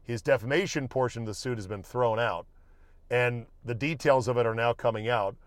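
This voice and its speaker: A man's voice: medium pitch, normal speed, no echo. Wry, offhand male sports podcast host. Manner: wry, joking, offhand, with swearing. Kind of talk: casual solo sports podcast monologue.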